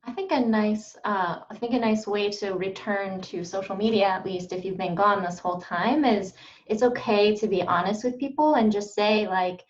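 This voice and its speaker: A woman's voice: mid-range voice, normal speed, a little hiss or hum. A woman on a video call giving friendly, practical advice in a casual chat. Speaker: acupuncturist and marketing teacher. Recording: dull lo-fi video call audio.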